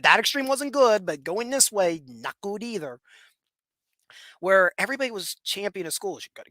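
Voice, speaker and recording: High, bright-voiced man from Western Pennsylvania. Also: no room sound. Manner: rambling, repeats words, chuckles while talking. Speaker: podcast host. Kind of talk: solo commentary monologue.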